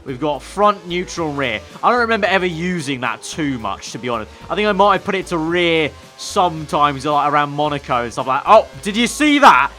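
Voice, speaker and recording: A chatty man commentating over his racing game, wry and quick with sarcastic jabs. His voice sits a touch above the usual male range, with faint music playing behind him. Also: fairly high pitch, big pitch swings, pushed and bright. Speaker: gaming video creator.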